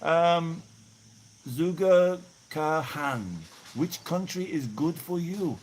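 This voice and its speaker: A man's voice: a little high, slow pace, slight background noise. A middle-aged man from England with a Birmingham accent, chatting casually on a live stream and thanking viewers by name. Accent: Birmingham English. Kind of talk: casual live chat, reading out viewer messages. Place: outdoors in hot weather.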